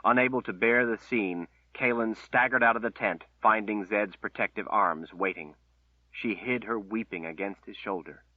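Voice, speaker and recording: Husky low man, phone-like audio. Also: normal speed. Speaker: audiobook narrator. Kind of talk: scripted fantasy narration. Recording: tinny phone-like line.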